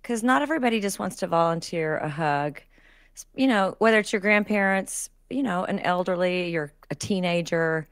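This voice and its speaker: A woman in her forties talks candidly and reflectively as an interview guest. Her voice is smooth and resonant, and the recording is dry. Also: fairly low pitch, normal speed, no echo.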